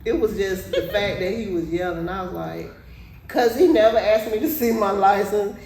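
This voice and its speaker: A woman podcast co-host telling a story in casual chat, animated and laughing often. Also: medium pitch, moderate pace, recorded from a distance. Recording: echoey room, off-mic, faint noise.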